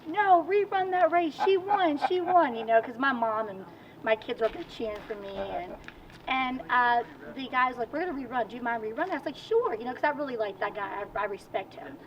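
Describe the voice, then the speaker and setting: A woman with a Virginian accent, a guest in a casual outdoor interview, telling stories in an animated, chatty way. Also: a little high, quick pace. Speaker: guest, amateur racer. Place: outdoors at a car show. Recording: distant mic, dull sound, faint noise.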